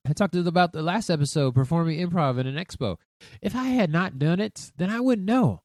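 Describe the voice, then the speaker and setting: A man in his thirties hosts a solo podcast, swearing freely and piling on emphasis as he talks things through with himself. His pitch swings widely from low mutters to high exclamations. The sound is close and dry, with no room around it. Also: expressive, a little fast, a little mellow, no room sound. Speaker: podcast host.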